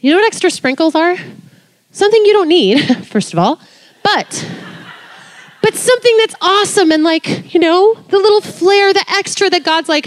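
A woman in her forties, a worship leader, telling a lively story in a sermon, her voice jumping high when excited. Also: normal speed. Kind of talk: sermon testimony.

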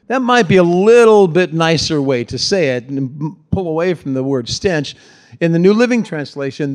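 A man's voice: a little high, expressive, normal speed. A middle-aged man, a pastor, giving a sermon in a conversational, folksy way with touches of humor.

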